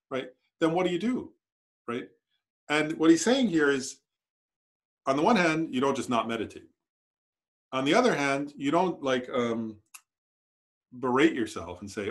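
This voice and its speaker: A man's voice: a little high, big pitch swings, normal speed, long pauses. Chatty male Buddhist teacher. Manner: conversational, lots of "right?" and "like". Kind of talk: dharma class lecture. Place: meditation center.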